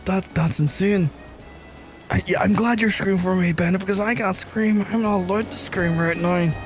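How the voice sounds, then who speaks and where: A man streaming live, overwhelmed and swearing, holding back from shouting. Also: sits high, steady tone, moderate pace, faint music behind. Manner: emotional, swearing, restrained from shouting. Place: room at home.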